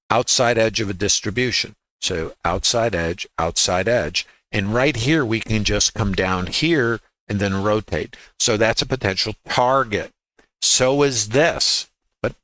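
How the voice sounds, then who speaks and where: Emphatic man teaching trades, bright voice. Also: on the low side, dry recording, low-quality recording. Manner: emphatic, repeats key words, asks rhetorical questions. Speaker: trading educator. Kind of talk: live trading chart walkthrough.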